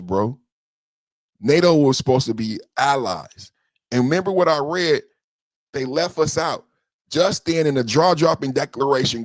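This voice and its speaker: A man's voice: medium pitch, dry recording, studio quality. A young man hosting a political podcast, ranting with slang and swearing and repeating his lines for emphasis. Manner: profane and slangy. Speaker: podcast host. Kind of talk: heated political commentary.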